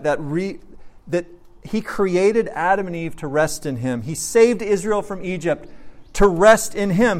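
Earnest high-voiced male pastor preaching. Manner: earnest, with dramatic swings between soft and emphatic. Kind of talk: sermon.

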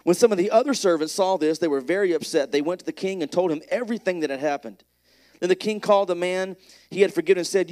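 A man's voice: high-pitched, fast talker, a little mellow. A man preaching a conversational sermon, joking with the congregation and reading scripture aloud with rising energy. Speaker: pastor.

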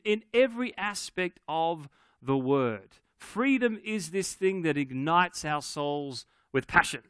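A man preaching a sermon in an earnest, emphatic way, with dramatic pauses on key words. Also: fairly high pitch, very animated, a bit bright, clean tone, no echo, clean studio sound. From Scottish ancestry on father's side. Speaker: pastor.

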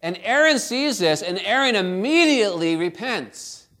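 A male preacher delivers a sermon in an earnest, exhorting manner. His voice sits high for a man, and he often turns to ask listeners direct questions. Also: very animated, moderate pace, bright, forceful tone.

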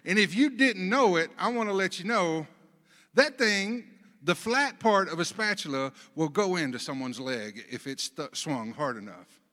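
A man preaching a sermon, telling folksy stories between Bible readings, swinging from soft asides to loud emphasis. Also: high voice, animated, moderate pace, big-room sound. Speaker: pastor.

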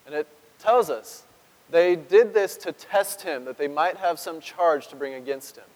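A man's voice: on the high side, unhurried, a little mellow, big-room sound. A man preaching a sermon as pastor, talking conversationally and asking his congregation questions. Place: church sanctuary.

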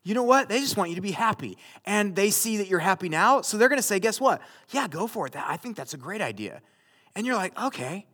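High-voiced man preaching conversationally. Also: expressive, fairly quick. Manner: conversational preaching, rising to loud emphatic bursts. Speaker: pastor. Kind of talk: sermon.

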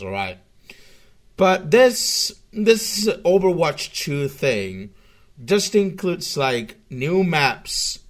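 A man ranting on a live stream in a casual, profane, rambling way, stumbling through many restarts. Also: on the high side.

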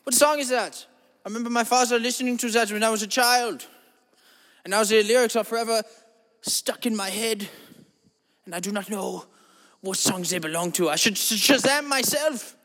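A man's voice: high-pitched, moderate pace, long pauses, a bit bright. A man voicing a rambling, self-absorbed eccentric in a comedy monologue, drawling and meandering, then turning suddenly crude. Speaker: comedy podcast host. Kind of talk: absurd comic monologue in a character voice. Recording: long reverberant echo.

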